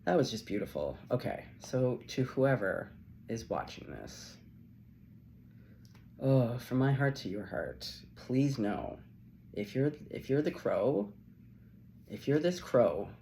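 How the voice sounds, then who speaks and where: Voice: mid-range voice, very animated, takes it slowly, pauses often, dark tone, slight background noise. A tarot reader giving a casual channeled reading, effusive and loose, swearing freely and laughing often.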